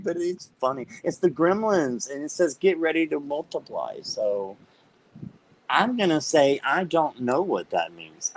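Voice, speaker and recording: A man hosting a live stream, chatting casually with viewers by name and reading tarot cards, upbeat and quick to laugh. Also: mid-range voice, slight background noise, low-quality recording. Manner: chatty and upbeat, laughs often while talking; talks directly to viewers by name.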